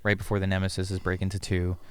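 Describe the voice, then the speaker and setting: Low smooth-voiced man pitching scenes. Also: completely flat delivery, racing, dry recording. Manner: talks through scenes, acting out lines with shifting voices. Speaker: podcast co-host, comedy writer. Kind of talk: casual writing-room chat.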